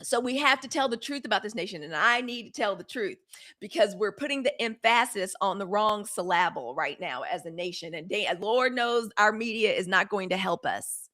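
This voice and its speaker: A woman hosting a daily live news stream, talking in a sassy, animated way straight to her viewers. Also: mid-range voice, normal speed. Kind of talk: casual live-stream commentary.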